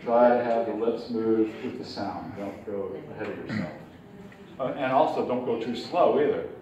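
A man teaching a puppetry workshop in a relaxed, chuckling way, demonstrating as he goes. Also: fairly low pitch, normal speed, muffled recording, a crowd in the background. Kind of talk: informal workshop lesson. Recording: echoey hall from far off, faint ambient noise.

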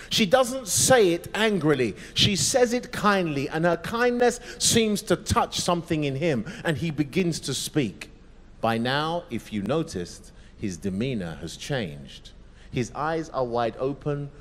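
A male pastor telling a story in a sermon, dramatic and vivid, dropping to a hush at moments. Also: on the high side. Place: large church. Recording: echoey church hall.

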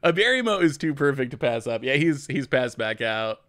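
Lively chatty male game streamer. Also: medium pitch, moderate pace. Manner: chatty, laughs often, repeats himself. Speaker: streamer and gameplay commentator. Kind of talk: casual live-stream commentary.

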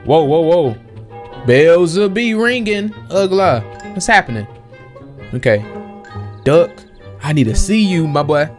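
A young man chats through his gameplay with a lively, swooping voice set a touch high. He talks slang and pleads with the characters on screen, with faint music behind him. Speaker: gameplay streamer. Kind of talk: casual let's-play commentary.

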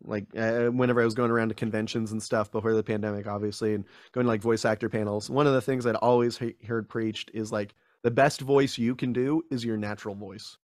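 A man, a guest actor, chatting casually in an interview and acting out quotes with lively voices. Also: fairly low pitch, a little fast, hardly any pauses, no echo, studio quality. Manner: animated storyteller, acts out quotes in voices.

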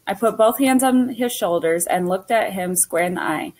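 A woman reading a children's novel aloud in an unhurried way, now and then stumbling and correcting herself. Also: mid-range voice, a little mellow, low-quality recording.

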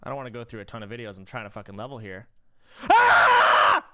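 A man's voice: on the low side, racing, fairly bright tone, a little hiss or hum. A man streamer reading out donation messages, bemused. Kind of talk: casual livestream talk.

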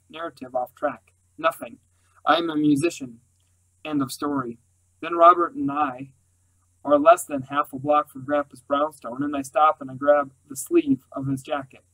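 A man reading a first-person novel aloud in an earnest, steady way. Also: medium pitch, rough recording. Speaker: audiobook reader. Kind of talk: scripted narration.

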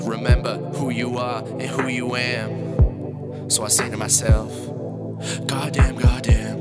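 A sulky, heartbroken young rapper croons slow, half-sung lines, voiced by a man. A loud beat throbs underneath the whole time. The delivery stays soft and moody. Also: medium pitch, level tone, over loud music, voice pushed down, natural voice. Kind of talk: parody rap song over a beat.

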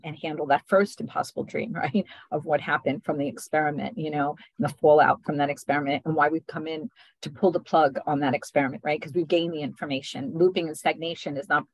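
A woman hosting a spiritual group video call, talking gently and affectionately, often adding "right?" and soft laughs. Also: low voice, steady tone, brisk, breathy edge, no room sound, rough recording. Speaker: spiritual session host.

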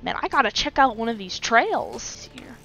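A woman's voice: on the high side, animated, moderate pace, vocal fry, sharp tone, faint music behind, low-quality recording. A woman giving casual gameplay commentary, self-mocking, with frequent exclamations and sighs of relief.

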